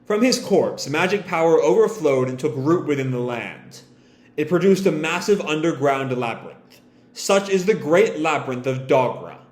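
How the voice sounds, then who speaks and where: A man's voice: on the high side, animated, moderate pace, close to an everyday voice. A man reading aloud the lines of a grave, ancient male dragon in a comic, in his own voice. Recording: echoey room.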